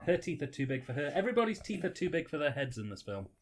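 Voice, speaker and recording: A man's voice: on the high side, big pitch swings, quick pace. A man with a British accent co-hosting a casual movie commentary, chatty and playfully jokey. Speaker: co-host of a film commentary.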